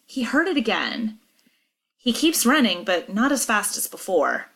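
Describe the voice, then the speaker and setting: A woman teacher reading a chapter book aloud, acting out the dialogue expressively. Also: measured pace. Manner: expressive, acts out dialogue with big pitch jumps. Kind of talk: read-aloud storytelling.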